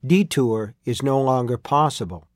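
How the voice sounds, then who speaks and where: A man doing a measured female machine guide. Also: mid-range voice, dry recording, clean studio sound, natural voice. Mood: urging. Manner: flat, measured advising. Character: calm female guiding voice from a device.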